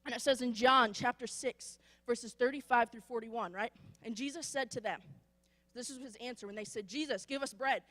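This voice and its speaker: High-voiced woman preaching in a hall. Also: moderate pace. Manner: animated storytelling, acts out voices. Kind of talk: sermon. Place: church sanctuary.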